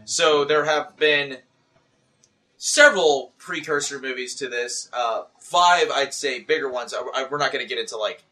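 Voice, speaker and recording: A man hosting a casual movie podcast, talking in halting, restarting sentences. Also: medium pitch, pushed and bright. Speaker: podcast host. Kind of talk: casual chat.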